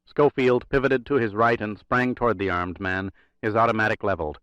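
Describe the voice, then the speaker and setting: A man narrating a thriller audiobook in a steady, measured reading. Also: fairly low pitch, no room sound. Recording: dry, slightly dull recording.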